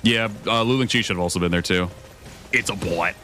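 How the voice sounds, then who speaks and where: Low and brisk, his voice sounds pushed and bright over a little hiss or hum. He's a young gamer streaming and chatting casually with viewers, rambling between thoughts and swearing a lot as he comments on the play.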